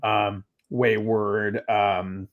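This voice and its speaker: A man's voice: on the low side, flat delivery, extremely slow, narrow, tinny audio. A man, a guest historian, talking in a casual, wry way with frequent restarts. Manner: hesitant, many restarts, wry. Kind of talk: casual conversational discussion.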